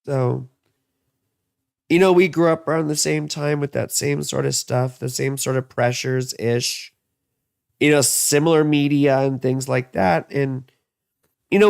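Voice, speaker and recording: A man's voice: fairly high pitch, vocal fry, darkish tone, dry recording, studio quality. A man in his thirties giving a casual, rambling astrology and tarot reading, full of asides and fillers.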